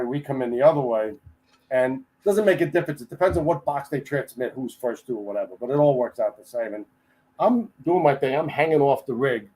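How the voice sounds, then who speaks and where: An older man, a retired firefighter, telling stories as a guest in a casual podcast interview, animated and chatty and acting out the people in them. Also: medium pitch, low-quality recording. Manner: animated storyteller who acts out the people he quotes; chatty, with frequent restarts.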